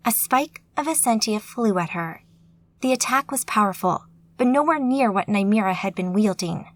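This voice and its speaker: A woman narrating a fantasy audiobook in a steady, measured storytelling manner. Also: medium pitch.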